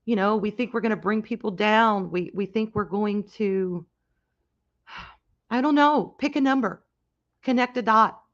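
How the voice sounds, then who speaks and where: Woman, livestream host, casual chat, halting and emotional, reads chat, middle pitch, dull lo-fi sound. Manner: halting, emotional, with many restarts; reads and answers chat comments.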